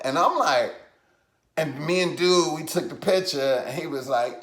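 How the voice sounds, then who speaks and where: Animated male comedian telling a story. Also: measured pace, reverberant. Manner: animated, swings loud and high with laughter. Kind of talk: comic storytelling.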